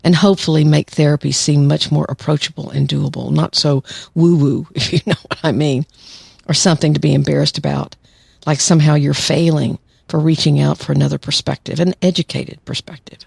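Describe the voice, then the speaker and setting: A woman's voice: sits low, fairly even intonation, a little fast, vocal fry, husky, no echo. Chatty woman podcast host, dry close mic. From United States. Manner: warm and chatty, with frequent light laughs. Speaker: podcast host, clinical psychologist. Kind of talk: podcast monologue.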